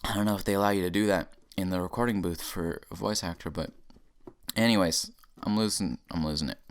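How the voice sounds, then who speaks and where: A man's voice: low-pitched, fairly quick. A man hosting a comedy show, delivering a rambling, profane rant and often laughing at his own tangents. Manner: animated, profane, laughing at himself. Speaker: comedy podcast host.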